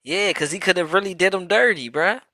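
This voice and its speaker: A man talking on a casual live stream, his voice bright and forceful. He speaks in slang and circles back over his words as he works toward a point. The sound is dry and close, with no room echo. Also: high-pitched, brisk. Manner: repeats words while building a point, slangy. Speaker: podcast co-host.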